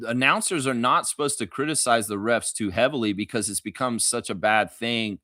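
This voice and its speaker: Canadian dude hosting a live fan stream, bright voice, dry close mic, riffs on viewer comments and swears a lot. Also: male voice, medium pitch, normal speed, dry recording. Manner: loud, animated, swears freely, reads viewer comments aloud.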